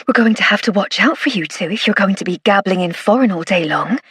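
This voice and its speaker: A plain, no-nonsense shop manageress, as a female narrator puts her on, talks bluntly and practically. Her voice has a slight huskiness and a lively lilt in a close storybook reading. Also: medium pitch, quick pace, husky, dry recording. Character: bland, practical middle-aged shop manageress.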